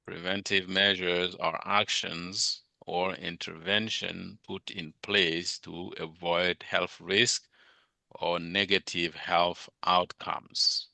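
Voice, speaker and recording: A man teaching a class, questioning his students over and over about word meanings. His voice is low and gravelly, yet bright and forceful. He speaks slowly, and the sound is dry and close. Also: little pitch movement, no echo. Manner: questioning, drilling students on vocabulary. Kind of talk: classroom lecture.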